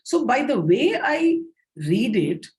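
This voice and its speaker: A woman's voice: fairly high pitch, very animated, slow, a little mellow. A woman with an Indian English accent leading a teacher training session, explaining how to read punctuation and demonstrating intonation aloud.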